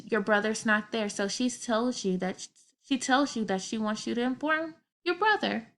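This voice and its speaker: Slow, patient woman teacher. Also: a little high, fairly bright tone. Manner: patient, explains step by step with everyday examples. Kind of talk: online grammar lesson.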